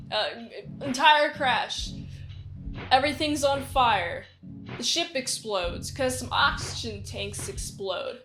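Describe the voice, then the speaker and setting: A woman casually recapping a movie in a rambling, excitable way, giggling now and then. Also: a little high. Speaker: movie reviewer.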